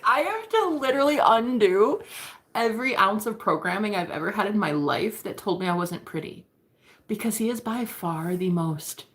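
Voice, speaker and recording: Creaky-voiced woman chatting candidly. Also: lowish voice, fairly bright tone. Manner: chatty, laughs often, swears casually. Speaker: vlogger. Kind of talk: casual confessional chat to camera.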